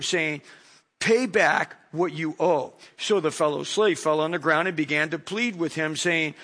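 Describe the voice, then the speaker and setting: A middle-aged man preaching a sermon, reading a Bible passage and commenting on it as he goes. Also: sits high. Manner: animated storyteller, acts out voices.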